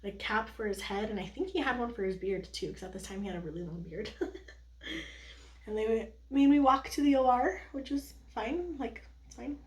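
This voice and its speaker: A woman's voice: a little high, moderate pace. Chatty young woman telling a story. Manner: chatty, lots of "like" and laughs. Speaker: vlogger. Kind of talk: casual storytelling to camera. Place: at home doing makeup.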